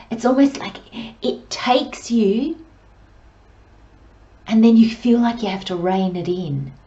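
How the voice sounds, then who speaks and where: A woman gives a pick-a-card tarot reading, her mellow voice unhurried and soothing, with long pauses and soft near-whispers. The recording sounds slightly dull and lo-fi. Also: mid-range voice, lively intonation, roomy sound. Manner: slow, gentle, soothing delivery with drawn-out pauses. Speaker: tarot reader.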